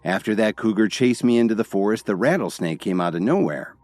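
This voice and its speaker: A man playing a modest young hero in an audio story, a plain, low voice kept even and understated. he shrugs off praise and speaks with quiet confidence over faint music. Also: a little fast, dry recording, natural voice.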